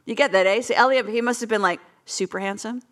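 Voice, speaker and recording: A woman preaches a sermon, telling personal stories with self-deprecating humor. Her voice sits high in the female range. She keeps it conversational and easygoing, like a pastor talking to her congregation. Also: fast talker, a bit bright. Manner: self-deprecating storytelling with laughs.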